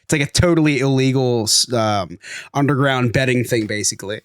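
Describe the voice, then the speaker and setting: Middle-aged guy cohosting a podcast, cracking jokes, laughs as he talks, mid pitch. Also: fairly quick, clear, resonant tone, no room sound, studio quality. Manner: joking, laughs through his own punchlines. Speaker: podcast co-host. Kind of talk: casual chat and comedic episode recap.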